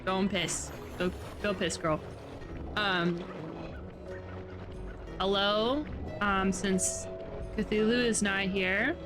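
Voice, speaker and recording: A woman's voice: medium pitch, steady tone, extremely slow, pauses often. A young woman streaming a video game, chatting casually in a playful, goofy way and swearing freely. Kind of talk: casual live-stream chat. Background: game music.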